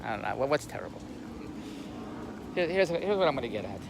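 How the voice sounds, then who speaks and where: A man's voice: mid-range voice, big pitch swings, a little fast, noisy background. Rambling, blunt older man ranting. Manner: gruff, blunt, laughs at his own jokes, repeats words. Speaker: YouTube commentator. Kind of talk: rambling opinionated monologue. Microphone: camera on a tripod.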